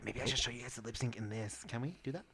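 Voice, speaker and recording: A young man hosting a casual podcast, rambling and animated with lots of "like". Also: medium pitch, rapid-fire. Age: young adult. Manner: rambling, animated, many "like" fillers. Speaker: podcast host. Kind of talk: casual chat.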